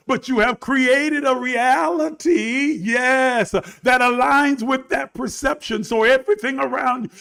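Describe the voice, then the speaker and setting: A man preaching a livestreamed sermon, building from low talk to shouted emphasis and calling on listeners to respond. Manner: calls on online listeners to respond.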